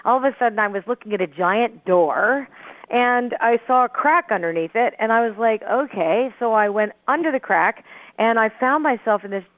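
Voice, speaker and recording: Middle-aged woman, caller on a tinny phone line, dry sound, rambling and animated, laughs a lot. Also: on the high side, normal speed, no echo. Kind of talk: telling a personal story. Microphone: telephone.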